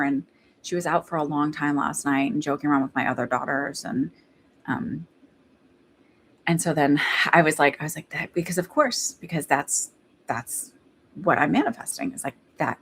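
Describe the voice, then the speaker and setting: A woman's voice: sits low, a bit bright, a little hiss or hum. A woman giving a psychic reading in casual live-stream chat, rambling with lots of fillers and laughing between thoughts. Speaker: psychic medium.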